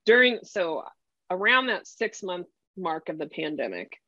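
Gravelly low-voiced woman telling chatty stories. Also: unhurried, no echo, lo-fi sound. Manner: chatty, animated storytelling with acted-out quotes. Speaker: podcast guest, career strategy coach. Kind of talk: casual conversational interview.

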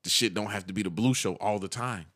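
Animated slangy man on a podcast. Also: fairly low pitch, fast. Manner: animated, slangy storytelling with acted-out quotes. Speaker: podcast co-host. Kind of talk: casual podcast chat.

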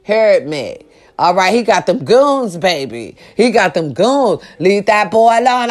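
A woman delivering a comedic rant to her viewers, loud and profane, hollering with big swings in her voice. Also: medium pitch, sing-song, measured pace.

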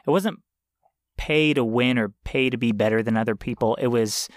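A man's voice: mid-range voice, steady tone, brisk, dry recording, clean studio sound. A man co-hosting a podcast in casual chat, earnest and opinionated, now and then swearing. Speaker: podcast co-host.

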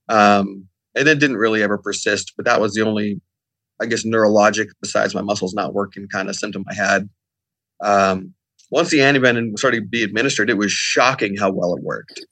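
Fast-talking man telling a story. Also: fairly low pitch, bright, forceful tone, no echo. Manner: rambling, lots of fillers and quoted dialogue. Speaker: podcast guest. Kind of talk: casual storytelling.

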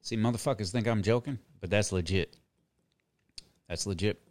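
A middle-aged podcast host delivers a crude comedic rant packed with swearing, repeated phrases, and chuckles. His voice is on the low side and darkish, at a moderate pace, with no echo.

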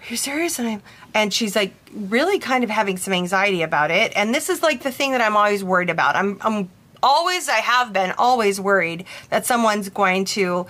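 Woman, young adult, casual storytelling, animated, filler-heavy, bright voice. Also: medium pitch, moderate pace. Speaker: bridal stylist and medium.

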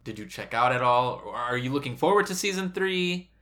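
A man co-hosting a casual podcast chat, asking relaxed, probing questions. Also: mid-range voice, brisk.

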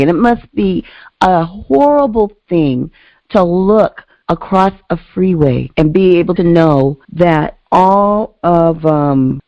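Woman telling a story on a podcast, acts out the voices, sounds kinda muffled and dry. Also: no room sound. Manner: animated, acts out quoted voices with big pitch jumps. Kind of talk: casual storytelling.

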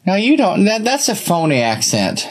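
A man's voice: high voice, wildly swooping pitch, normal speed, slight background noise. A man hosting a comedy show, hamming it up in a put-on Southern belle voice, flustered and laughing.

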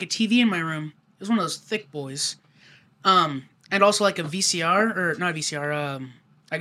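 A young man casually telling a rambling, profane childhood story to friends. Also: high-pitched. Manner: rambling, profane, animated retelling.

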